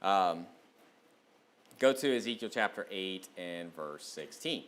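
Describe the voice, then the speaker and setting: A man giving a casual, rambling sermon as a pastor, with many fillers and restarts, who reads scripture aloud slowly and with more force. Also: low voice, lively intonation, fairly bright tone, slight background noise. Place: church sanctuary.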